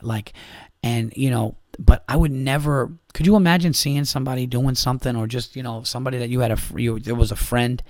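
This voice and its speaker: A man's voice: medium pitch, a little fast, darkish tone, no echo, clean studio sound. A man hosting a podcast on his own, talking in a rambling, exasperated and profane way, full of restarts and asides. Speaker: podcast host. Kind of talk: casual solo podcast monologue.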